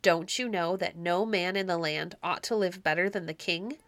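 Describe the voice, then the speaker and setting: A woman's voice: lowish voice, moderate pace, fairly bright tone, dry recording. A woman reading an audiobook story and voicing a domineering, scornful medieval king with a commanding, mocking manner. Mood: angry.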